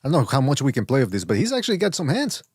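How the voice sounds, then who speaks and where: A man's voice: mid-range voice, huge pitch swings, rapid-fire, a little mellow, husky, no echo, clean studio sound. A man hosting a boxing podcast in casual chat, rambling with many restarts. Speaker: podcast host.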